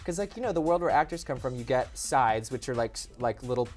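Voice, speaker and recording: A man's voice: mid-range voice, lively intonation, fast, darkish tone, soft background music. A young man, an actor guest in a casual interview, telling stories in a chatty way with lots of "like" and acted-out quotes. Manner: chatty, heavy use of "like", acts out quotes.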